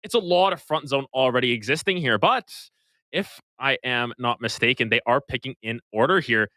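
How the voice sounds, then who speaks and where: Male analyst, bright tone, dry close sound, explains like a coach. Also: medium pitch, animated, moderate pace, dry recording. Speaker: esports analyst. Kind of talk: live esports commentary.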